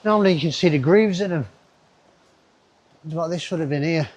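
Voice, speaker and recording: In a slightly high, darkish voice at normal speed, a male travel vlogger offers casual commentary to his camera as he moves through an outdoor river gorge. He rambles and makes asides to himself.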